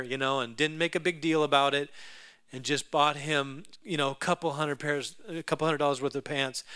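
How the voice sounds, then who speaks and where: A male preacher telling a story in a sermon, acting out each voice and swinging from loud to hushed. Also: fairly high pitch, smooth, no room sound.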